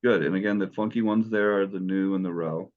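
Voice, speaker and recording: A man's voice: low voice, steady tone, a little fast, lo-fi sound. A man teaching Greek in an online class, patient and encouraging as he explains step by step.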